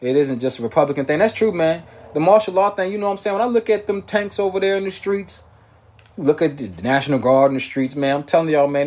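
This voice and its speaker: Slightly high-voiced man hosting a live talk show. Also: quick pace, darkish tone. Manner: loose and conversational, repeats phrases, reads viewer comments aloud. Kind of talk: casual live-stream commentary.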